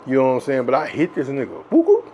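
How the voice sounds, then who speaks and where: A man from Texas telling a childhood story in a rambling, profane, filler-heavy way that grows loud and excited with laughs. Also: medium pitch, very fast, dull audio, slight background noise. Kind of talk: casual storytelling.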